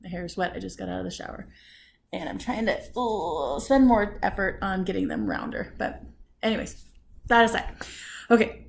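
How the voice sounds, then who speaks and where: A woman vlogging at home, telling an indignant story in a casual, animated way while doing her hair, often laughing. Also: mid-range voice, normal speed, vocal fry, slight background noise. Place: at home after a shower. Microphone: camera at close range.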